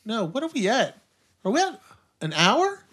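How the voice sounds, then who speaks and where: A man co-hosting a casual podcast about making music, animated and stammering, often acting out what he said. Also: extremely high pitch, normal speed. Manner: stammering restarts, animated, quotes himself. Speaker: podcast co-host, music producer. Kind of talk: casual chat. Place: recording studio.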